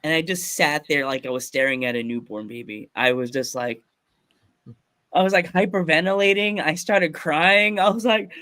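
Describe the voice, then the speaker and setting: A man from Pennsylvania hosting a casual podcast, telling stories with lots of excitement and frequent laughter. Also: a little high, normal speed, no room sound. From Pennsylvania, USA. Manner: excited storytelling, laughs often. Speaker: podcast host.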